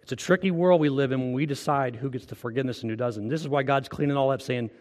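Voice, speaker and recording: A man's voice: medium pitch, fast talker, darkish tone, long reverb tail. A man preaching a sermon as pastor, earnest and conversational, asking the congregation direct questions. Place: church.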